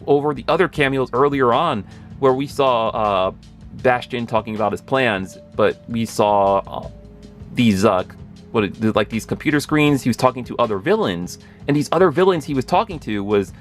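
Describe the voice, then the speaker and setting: A man in his thirties gushing through a casual episode recap, rambling and correcting himself as he gets excited. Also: mid-range voice. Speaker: pop culture video host.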